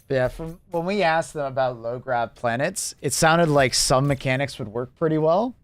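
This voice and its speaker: Live-streaming to viewers, a young man talks in a mid-range voice, rambling loosely with plenty of fillers and quick laughs. The recording has no echo.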